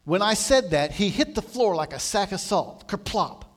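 A man preaching a sermon, retelling a story with animated delivery and quoting voices that swing from loud to hushed. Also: high voice, moderate pace.

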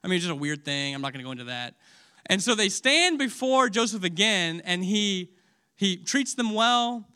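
Emotional male preacher, bright high voice. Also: expressive, normal speed, clear, resonant tone. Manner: emotional, swings from loud to hushed; asks audience questions. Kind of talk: sermon.

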